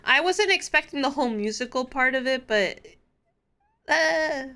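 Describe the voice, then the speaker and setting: A woman's voice: fairly high pitch, expressive, normal speed, sharp tone. A young woman streaming, chatting casually with her viewers, giddy and laughing often. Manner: giddy, laughs often, talks straight to chat.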